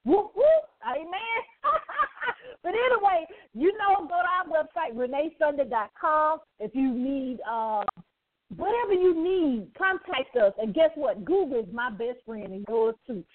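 High-voiced exuberant woman host on a phone-thin line. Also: very animated, unhurried, narrow, tinny audio, slight background noise. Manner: exuberant, preachy, laughs often. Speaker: radio show host. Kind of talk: Christian radio talk show.

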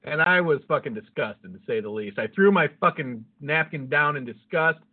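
A man's voice: a little high, lively intonation, normal speed, slightly rough. Profane rambling storyteller man, tinny sound. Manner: rambling, swears constantly, laughs at own jokes. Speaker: podcast co-host. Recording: phone-like lo-fi audio.

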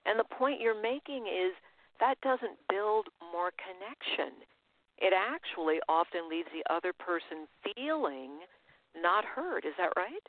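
Show host, mid pitch, warm-hearted affirming manner, phone-line quality. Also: animated, measured pace, dry recording. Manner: enthusiastic, affirming, laughs often. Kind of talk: interview hosting. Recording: dry, tinny phone-like line.

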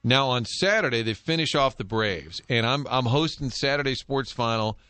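A middle-aged man hosting sports talk radio from a studio, telling animated stories with quick jokes. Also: medium pitch, smooth. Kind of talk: casual sports talk banter. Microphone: studio microphone.

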